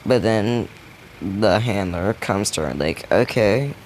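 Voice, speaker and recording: A man's voice: lowish voice, unhurried, a little hiss or hum. A man telling a made-up story in a casual, rambling, profane way. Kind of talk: casual retelling of a fan scenario.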